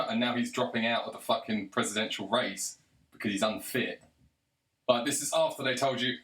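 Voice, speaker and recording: A man rants straight to the camera, angry and sarcastic, swearing freely as he goes. His voice sits at an ordinary male pitch, and the room around him lends a noticeable echo. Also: fairly even intonation, brisk, fairly bright tone. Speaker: video commentator. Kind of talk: ranting monologue. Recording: roomy echo.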